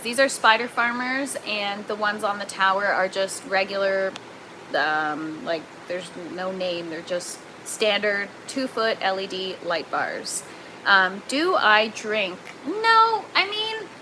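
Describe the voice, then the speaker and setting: A young adult woman with a Canadian accent, hosting a gardening livestream in an excitable, chatty way and reading viewer comments aloud. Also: mid-range voice, slight background noise, poor audio. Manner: excitable, chatty, quick to laugh.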